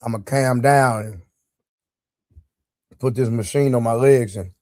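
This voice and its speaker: A man's voice: mid-range voice, a little slow, a little mellow, dry recording, studio quality. Laid-back man hosting a live chat. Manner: loose, joking, talks straight to his chat. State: sore leg, eating during the stream. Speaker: livestream show host. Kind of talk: casual live-stream chat.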